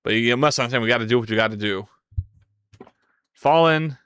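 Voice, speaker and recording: In clean studio sound with no echo, a streamer talks through their code, bantering playfully with viewers between tasks and yelping and swearing at breakages. The medium-pitched voice is smooth, a bit bright, and a little fast.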